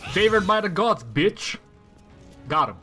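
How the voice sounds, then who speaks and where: A man's voice: high-pitched, very animated, a little slow, sharp tone, soft background music. A man giving casual gameplay commentary, talking to himself and trash-talking enemies with lots of swearing. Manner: talks to himself, reacting to rolls. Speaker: gamer playing a tactical role-playing game.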